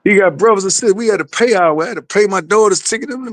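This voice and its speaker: A man speaking quickly in a slightly raised voice, rattling off a blunt, profanity-laced account in casual podcast talk. His delivery is dry and close, with no room sound around it. He is a boxer's father speaking his mind. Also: sits high, fairly bright tone, dry recording.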